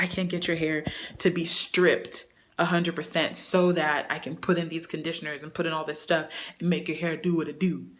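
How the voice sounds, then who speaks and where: Young female vlogger, slightly low voice, chatty and loose, lively when retelling stories. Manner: chatty, animated when quoting, many fillers. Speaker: hair care vlogger. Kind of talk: casual vlog talk to camera.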